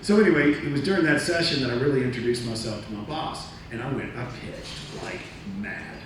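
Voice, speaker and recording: A man giving a talk, telling a story from his career in a lively way, acting out other people's lines and laughing at himself. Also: medium pitch, fairly quick. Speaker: motivational speaker. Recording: echoey room, distant mic, faint noise.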